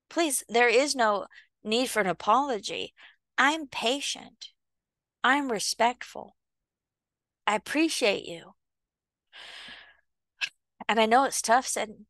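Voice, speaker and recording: A woman giving an earnest motivational talk, speaking deliberately and acting out small everyday conversations. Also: fairly high pitch, a bit bright, no echo. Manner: earnest, slow and deliberate, acts out little dialogues. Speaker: self-help speaker. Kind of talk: reflective motivational monologue.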